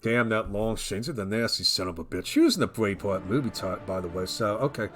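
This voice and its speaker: A man's voice: lowish voice, fast talker, fairly bright tone. A man casually chatting through a game walkthrough, rambling with frequent restarts. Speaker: gameplay commentator. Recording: voice over game music.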